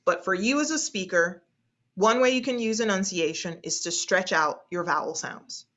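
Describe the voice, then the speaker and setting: A woman speech instructor teaching an online class, hesitating often and slowly stretching out vowel sounds as she demonstrates them. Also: mid-range voice, a bit bright. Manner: hesitant, with frequent fillers and restarts.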